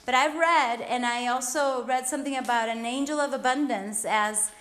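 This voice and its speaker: A woman's voice: high-pitched, normal speed, a bit bright, roomy sound. A woman podcast host, out of breath, chatting and cheering herself on in an upbeat, encouraging way while exercising. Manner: upbeat, self-coaching, encouraging. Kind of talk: casual motivational chat while exercising.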